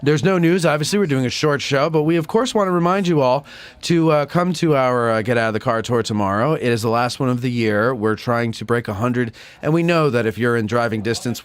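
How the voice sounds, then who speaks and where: A man's voice: mid-range voice, no room sound. A man hosting a podcast, rambling and laughing through casual chat. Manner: laughing, rambling, self-mocking. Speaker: podcast host.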